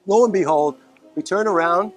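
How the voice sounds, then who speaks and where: Animated New man telling stories. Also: high voice, moderate pace, soft background music. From New York, the Bronx. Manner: animated, profane, acts out quotes. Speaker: musician guest. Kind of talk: casual storytelling. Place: outdoors in a city park.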